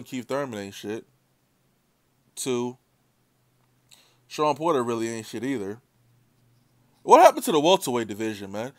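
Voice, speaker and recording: A man's voice: mid-range voice, no echo, studio quality. A man ranting about boxing in a blunt, sarcastic, heated way. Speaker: boxing commentator. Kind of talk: opinionated rant.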